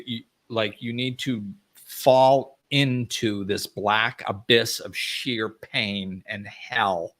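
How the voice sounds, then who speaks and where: A man's voice: medium pitch, fairly bright tone. A middle-aged man hosting a live spiritual talk, blunt and emphatic, acting out the voices of people he quotes. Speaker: spiritual teacher, host.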